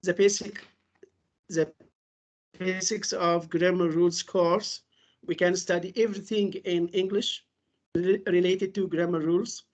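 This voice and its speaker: A woman's voice: lowish voice, steady tone, unhurried, pauses often, a little mellow. A woman teaching English pronunciation in a webinar lecture, repeating example words over and over like a drill.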